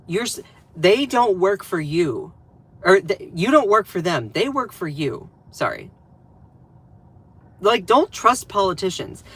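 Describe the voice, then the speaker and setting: A man's voice: fairly high pitch, a bit bright, slightly rough. A man with a Southern US accent giving casual live-stream commentary, emphatic and repeating phrases for stress.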